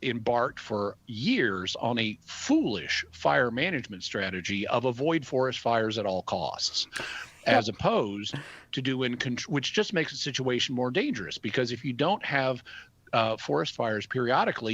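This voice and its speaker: A man's voice: mid-range voice, big pitch swings, moderate pace, fairly bright tone, lo-fi sound. An American man, a guest expert on a radio talk show, explaining topics at length with examples in a casual, thoughtful way. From United States.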